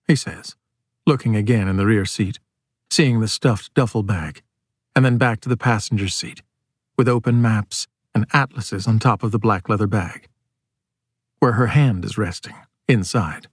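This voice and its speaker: Man with a steady audiobook narration. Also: on the low side, moderate pace, no echo, studio quality.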